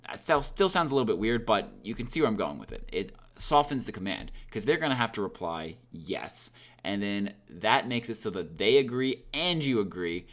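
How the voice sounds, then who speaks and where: Low-voiced man teaching casually. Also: very animated, normal speed, a bit bright. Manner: conversational, many fillers, acts out example lines. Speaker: language teacher. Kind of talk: casual explanatory lesson.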